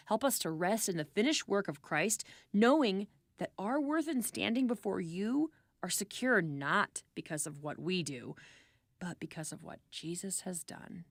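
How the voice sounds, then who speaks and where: A woman's voice: mid-range voice, lively intonation, measured pace, creaky, no echo, studio quality. A woman leading an earnest, reverent spoken prayer. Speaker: prayer leader.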